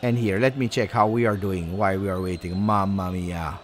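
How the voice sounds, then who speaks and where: A man with an Italian accent doing live fan commentary on a match, excitable, throwing in Italian exclamations and talking to his viewers. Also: deep voice, normal speed, hardly any pauses. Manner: excitable, switches into Italian exclamations, talks to chat.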